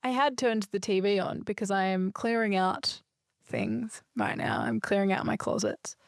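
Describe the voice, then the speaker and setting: Woman, podcast host, reflective monologue, earnest, emphatic, mid pitch, dry sound. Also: moderate pace, no room sound. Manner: earnest, emphatic and spiritual, with a few loose swears.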